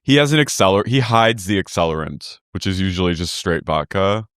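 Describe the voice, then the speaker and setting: Man podcast co-host, smooth voice that swings all over, laughs a lot, dry mic. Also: brisk, no echo. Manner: animated, laughs often, mimics cast in shrill voices. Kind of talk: casual recap chat.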